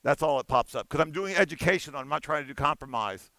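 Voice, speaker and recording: A man giving a conference talk, telling an animated, playful story and acting out the dialogue. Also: on the high side, fast, dry recording. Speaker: conference keynote speaker. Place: conference stage.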